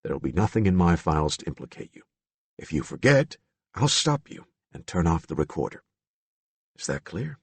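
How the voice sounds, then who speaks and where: A man voicing a calm, careful writer interviewing someone, speaking in a measured, earnest way. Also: low voice, slightly rough, dry recording, heavily acted.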